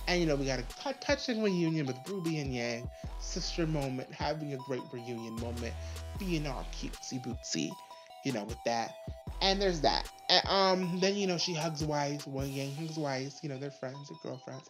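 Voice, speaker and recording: Woman, low voice, profane ranting review, faint music underneath. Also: normal speed. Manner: animated, profane, exasperated ranting. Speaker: show reviewer.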